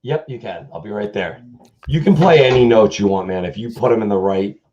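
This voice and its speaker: A man's voice: lowish voice, fairly quick, warm tone, a little hiss or hum. A man hosting a casual music chat, rambling through stories and imitating the people he quotes. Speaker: host. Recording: muffled lo-fi sound.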